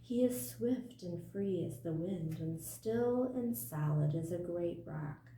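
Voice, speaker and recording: A woman voicing a wise, calm ancient turtle in a slow, solemn storybook reading, recorded in a roomy space from a distance. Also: lowish voice. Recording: roomy, distant mic, faint noise.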